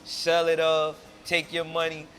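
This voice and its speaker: Male host, bright and somewhat high voice, laid-back, affirming, slangy. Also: monotone, unhurried, a little hiss or hum. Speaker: interview host. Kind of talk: casual interview talk.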